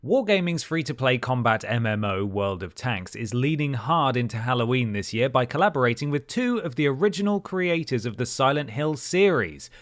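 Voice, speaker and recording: A man's voice: mid-range voice, dry recording, clean studio sound. A man co-hosting a podcast, reading gaming headlines with wry, jokey asides. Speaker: podcast co-host. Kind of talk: casual podcast news chat.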